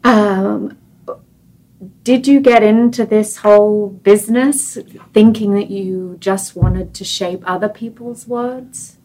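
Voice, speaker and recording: A woman with a mid-range voice hosts a podcast interview. She responds appreciatively and asks relaxed follow-up questions. Her talk is casual. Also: mid-range voice, slow pace, poor audio.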